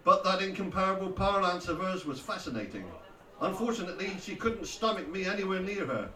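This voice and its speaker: A man narrates a memoir in a wry, mocking storyteller's manner. His voice sits a little high and bright. The recording is roomy, with the mic some way off. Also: lively intonation, brisk. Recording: roomy echo, distant from mic.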